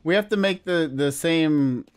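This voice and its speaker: A man's voice: on the high side, unhurried, clean tone. A man hosting a multiplayer let's play, chatting casually, teasing his friends and laughing often. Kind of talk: casual multiplayer game chat.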